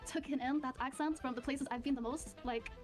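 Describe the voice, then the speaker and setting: A woman's voice: sits high, fairly even intonation, brisk, loud music behind the voice. A woman streamer chatting on a stream, rambling with lots of fillers and frequent laughs. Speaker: streamer guest. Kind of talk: casual stream chat.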